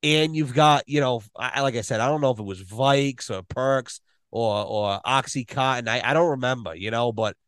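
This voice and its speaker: A man telling a long story on a podcast, animated and full of swearing. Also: medium pitch, normal speed, clear, resonant tone, no echo. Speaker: podcast guest. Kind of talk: casual storytelling.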